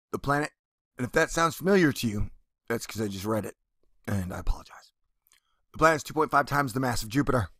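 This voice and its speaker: A man's voice: mid-range voice, a bit bright, dry recording, clean studio sound. A man hosting a casual comedic news commentary vlog, reading article passages aloud and mocking them with sarcastic asides.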